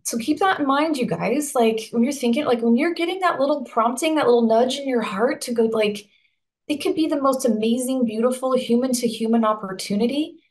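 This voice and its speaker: Animated woman telling a story. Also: a little fast. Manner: animated, acts out quoted voices with big pitch swings; frequent "like" and "you know", addresses listeners as friends. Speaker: podcast guest. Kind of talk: conversational storytelling.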